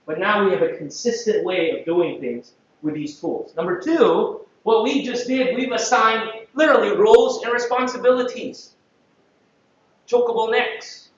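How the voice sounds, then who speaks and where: A man's voice: sits high, normal speed. A man from the Philippines giving a playful conference talk to an audience, often checking that they follow him. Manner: playful, audience-engaging, acts out quotes. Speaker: conference presenter. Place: large conference room. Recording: echoey room, distant and dull mic.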